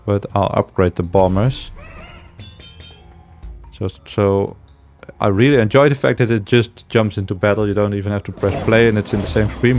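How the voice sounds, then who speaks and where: A man's voice: on the low side, a little mellow. A man giving casual let's-play commentary, thinking aloud with hesitations and frequent chuckles. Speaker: game streamer.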